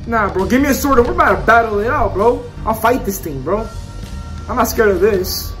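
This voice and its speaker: A man recording let's-play commentary on a horror game, jumpy and excitable, yelping at scares and then muttering and trash-talking the game with constant mild cursing. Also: high-pitched, a little fast, faint music behind. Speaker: gaming YouTuber.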